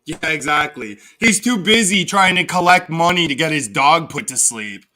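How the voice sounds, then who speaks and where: On his casual livestream, a young streamer from Canada mocks and rants, cursing and cracking up at his own digs. He talks at a moderate pace in a fairly high, expressive voice with a sharp edge.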